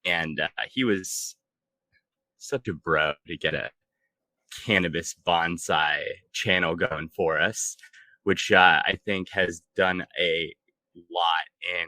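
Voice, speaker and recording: A man co-hosting a casual podcast chat, talking in a relaxed, laid-back way with many fillers. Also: low voice, slow pace, no room sound, rough recording. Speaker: podcast co-host.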